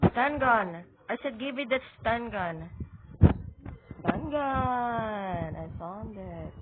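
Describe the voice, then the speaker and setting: A woman playing a horror game and commentating, loud and jumpy with scared shrieks and exclamations. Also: a little high, lively intonation, takes it slowly. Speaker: gamer. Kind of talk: excited let's-play commentary. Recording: tinny lo-fi mic with noise.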